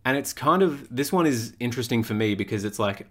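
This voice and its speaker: A man's voice: mid-range voice, lively intonation, fast, fairly bright tone. A young man hosting a podcast as a fitness coach, talking in a blunt, casual way with frequent swearing.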